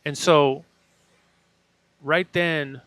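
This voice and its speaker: A man's voice: on the high side, steady tone, drawn-out words, a bit bright, no echo. Earnest man telling a personal story. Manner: earnest, swears casually, acts out his own inner voice. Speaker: podcast guest, breathwork facilitator. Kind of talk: casual storytelling interview.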